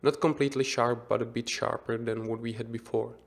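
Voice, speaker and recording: A man giving an unscripted software tutorial as instructor, thinking aloud with frequent restarts and self-corrections. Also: mid-range voice, fairly even intonation, fairly quick. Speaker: 3D visualization instructor.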